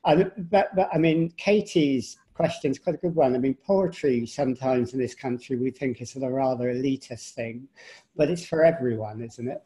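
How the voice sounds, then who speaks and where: Guy co-hosting an interview, mellow warm voice, easygoing. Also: mid-range voice, normal speed, rough recording. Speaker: co-host. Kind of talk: casual interview talk.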